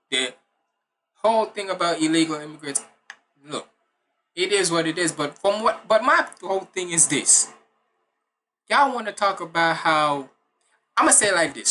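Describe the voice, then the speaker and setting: A man's voice: sits high, lively intonation, moderate pace, pauses often, sharp tone, slight background noise. A man of Jamaican heritage hosting a music reaction video, giving casual, blunt commentary that veers into rants and swearing. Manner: blunt, ranting, swears freely.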